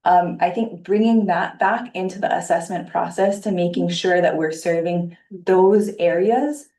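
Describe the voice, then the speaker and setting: A woman board member giving measured, thoughtful remarks at a public meeting, with frequent fillers. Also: fairly low pitch, mellow. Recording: echoey room, distant mic.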